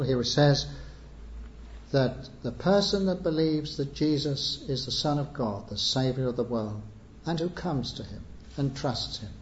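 Earnest and pleading, this evangelistic preacher works up to emphatic appeals in a mid-range, slightly mellow voice. The church recording is echoey and muffled, with a little background noise.

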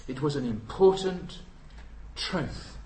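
A man's voice: a little high, animated, slow pace, a little mellow. A British man preaching a sermon, solemn and emphatic, in a church. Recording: roomy church hall.

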